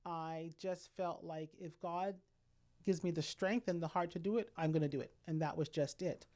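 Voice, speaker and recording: Low-voiced woman sharing a personal story. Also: mellow. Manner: reflective, candid, pauses and restarts. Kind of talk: intimate personal talk.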